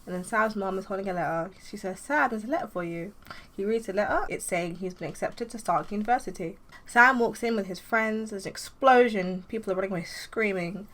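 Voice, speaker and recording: A woman's voice: mid-range voice, a bit bright. A young woman comic artist, chatting loosely through her page planning and filling her talk with "like". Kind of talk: casual tutorial vlog.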